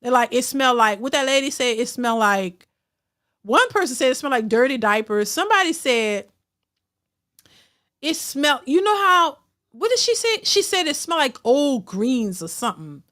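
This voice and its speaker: A woman's voice: sits high, big pitch swings, moderate pace, a bit bright. A woman hosting a casual livestream, reading out super chats and giving her blunt opinions, with lots of restarts and repeated phrases. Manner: outspoken, repeats herself, frequent restarts. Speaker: host of a reaction livestream.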